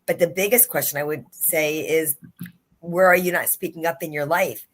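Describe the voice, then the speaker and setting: Earnest woman coach, slightly low voice. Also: steady tone, moderate pace, fairly bright tone. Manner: earnest, inspirational, repeats key phrases. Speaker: guest, life and leadership coach. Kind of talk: livestream interview, motivational talk.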